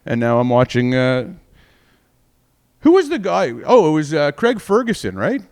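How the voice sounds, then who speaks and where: Smooth-voiced rambling comic man. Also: on the high side, huge pitch swings, normal speed, darkish tone. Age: 40s. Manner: rambling, profane, self-mocking. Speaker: stand-up comedian. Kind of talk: stand-up comedy set.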